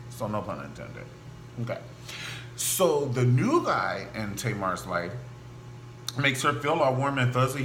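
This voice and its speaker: A man dishing celebrity gossip in a campy, theatrical way, his pitch swooping all over the place. His voice is bright and forceful, and it rings in an echoey room with a faint hum behind it. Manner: animated and campy, full of asides. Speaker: gossip show host. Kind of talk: casual celebrity gossip monologue.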